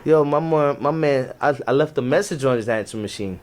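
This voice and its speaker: A man's voice: mid-range voice, fairly quick. A man with a New York accent, a podcast guest telling military stories in casual slang, often restarting his sentences. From Jamaican family. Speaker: podcast guest, navy veteran. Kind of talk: casual storytelling chat.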